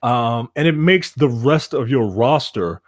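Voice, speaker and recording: A man's voice: medium pitch, lively intonation, a little slow, dry recording. A man rambling in a casual chat, saying "like" and "man" over and over, his voice rising and falling a lot. The sound is dry and close, with no room around it. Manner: rambling, swears, restarts, says "like" and "man". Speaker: wrestling podcast co-host.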